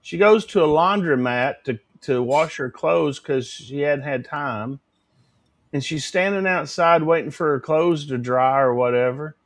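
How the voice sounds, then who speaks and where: A man hosting a casual livestream chat, folksy and animated, swearing casually. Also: fairly high pitch, measured pace. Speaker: livestream show host.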